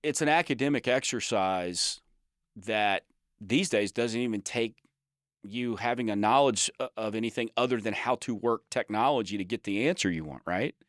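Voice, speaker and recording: A man's voice: lowish voice, moderate pace, a bit bright, dry recording, studio quality. A man co-hosting a podcast about the trades, explaining his points emphatically with examples and frequent restarts in casual chat. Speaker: podcast co-host.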